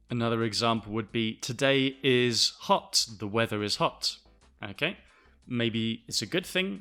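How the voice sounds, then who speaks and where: A man from the south of England explains English words to learners in a bright, forward voice. He speaks with a Southern English accent at a steady middle pitch. He is clear and deliberate and spells words out letter by letter. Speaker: English teacher, podcast host.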